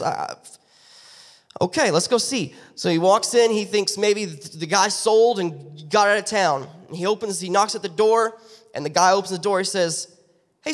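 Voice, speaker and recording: A male youth pastor preaching, retelling a Bible story in an animated way with character voices. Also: high voice. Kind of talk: sermon storytelling. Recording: long reverb of a church hall.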